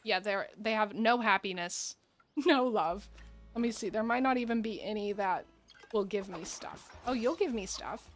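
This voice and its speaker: A woman's voice: mid-range voice, normal speed, soft background music. A woman chatting casually through a game stream, rambling, laughing often and talking to her viewers. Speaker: gaming streamer. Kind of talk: casual gameplay commentary.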